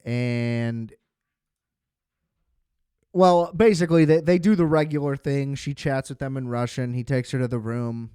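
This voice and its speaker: A man's voice: mid-range voice, measured pace, pauses often, mellow, smooth, no echo, clean studio sound. A man giving a casual, rambling movie review, swearing freely and leaning on lots of fillers. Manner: rambling, profane, filler-heavy. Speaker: film reviewer.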